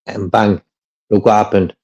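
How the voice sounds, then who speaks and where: Guy rambling on a fan stream, mellow voice, muffled lo-fi sound, keeps repeating himself. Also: on the low side, level tone, unhurried. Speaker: co-host of a fan livestream. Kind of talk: casual chat.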